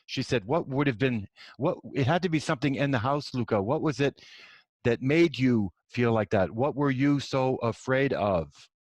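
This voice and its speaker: A man's voice: mid-range voice, normal speed, husky, dry recording. A middle-aged man hosting a show, telling a personal story and acting out the dialogue, with frequent restarts. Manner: animated, acts out quoted dialogue with many restarts. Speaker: host.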